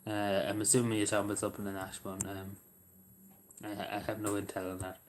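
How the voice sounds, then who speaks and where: A man's voice: fairly low pitch, completely flat delivery, brisk. Rambling man streaming live. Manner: rambling, hesitant, many fillers and restarts. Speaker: livestream host. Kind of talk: casual livestream chat with viewers. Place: at home in a squeaky chair.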